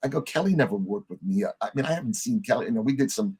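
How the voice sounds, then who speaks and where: A man talks at a medium pitch. He tells long stories on a podcast, chatty and animated, and he jumps into quoted voices as he goes. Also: fast, breathy edge. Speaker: podcast guest. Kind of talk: conversational storytelling.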